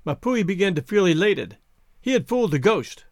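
A man reading a short story aloud in an expressive, dramatic narration. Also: sits high, moderate pace, dry recording, studio quality. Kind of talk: scripted narration.

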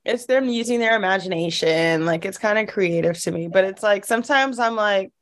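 A woman's voice: medium pitch, a little fast. Giggly woman with a lingering cough. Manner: giggly, chatty storyteller. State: coughing, under the weather. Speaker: podcast co-host. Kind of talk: casual chat.

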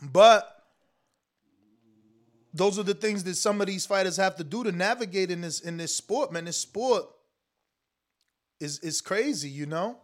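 Animated high-voiced man ranting on boxing. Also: a little slow, pauses often. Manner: animated, slangy, emphatic, talks straight to the audience. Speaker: boxing commentary show host. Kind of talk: casual livestream talk reading super chats.

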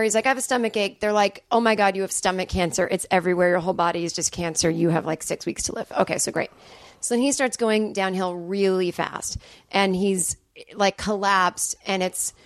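A woman's voice: mid-range voice, no echo, studio quality. A middle-aged woman, a comedian guest on a podcast, telling a personal story candidly and swearing freely. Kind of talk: casual chat.

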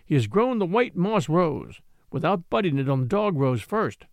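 A man's voice: fairly high pitch, very animated, moderate pace, creaky, no echo, clean studio sound. A man voicing an elderly male house steward who is stubborn, fussy and loyal, in an audiobook reading. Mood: earnest warning. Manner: obstinate, fussy and respectful.

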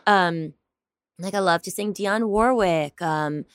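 A young adult woman, an actor and stand-up comedian, chatting in an interview in a rambling way, full of fillers and quick laughs. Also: fairly low pitch, clear, resonant tone, no echo, studio quality. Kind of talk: casual interview chat.

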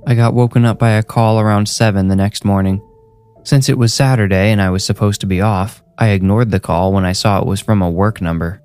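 A man's voice: lowish voice, darkish tone, smooth. A man narrating a first-person horror story in a dry, matter-of-fact way. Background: faint music.

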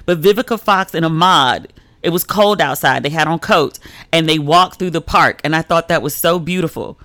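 A woman hosting a casual solo podcast, telling stories in a chatty way with lots of "like" and lively quoted voices. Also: normal speed, no room sound. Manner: chatty storytelling, heavy use of "like", swings pitch when quoting people. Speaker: podcast host.

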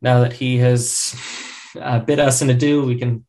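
A man's voice: mid-range voice, flat delivery, normal speed, a little mellow. A man hosting a casual sports podcast, laughing often and keeping the banter upbeat. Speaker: podcast host.

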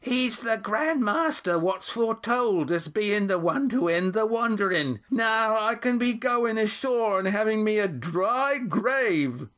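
A frail old woman of the ships, her voice pitched far above his own and squeaking as it cracks. She talks in a rough, rustic dialect. It comes across as a storybook voice. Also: expressive, unhurried, few pauses, a bit bright. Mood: excited. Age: older.

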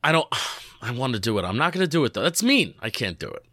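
Bright-voiced fast-talking male podcast host. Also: mid-range voice, sing-song, dry recording, studio quality. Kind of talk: casual podcast chat with ad read.

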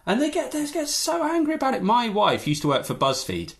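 A man's voice: very high voice, brisk. A man talking as a podcast guest, ranting in a casual chat. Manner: animated, exasperated rants.

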